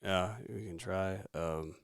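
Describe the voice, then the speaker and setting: A man hosting a casual podcast, rambling and relaxed with lots of fillers. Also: sits low, slow, vocal fry, clean tone, dry recording, studio quality. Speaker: podcast host.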